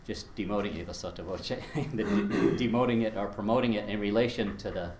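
A man with a fairly low voice leads a teaching workshop, talking in a relaxed, chatty way and chuckling often. He explains with spoken examples. The echoey room adds a faint hum behind him. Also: a little fast. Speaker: Latin teacher. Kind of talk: workshop presentation.

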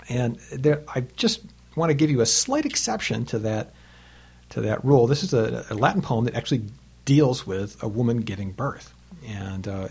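A man's voice: mid-range voice, vocal fry, a little mellow, slightly rough. A man in his fifties teaching a recorded lesson on Latin poetry, patient and explanatory, tapping out the rhythms aloud.

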